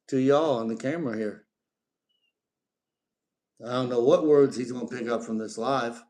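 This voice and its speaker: A man's voice: mid-range voice, darkish tone. A middle-aged man, chatting casually on a live stream about his pet parrot and breaking off to talk to the bird.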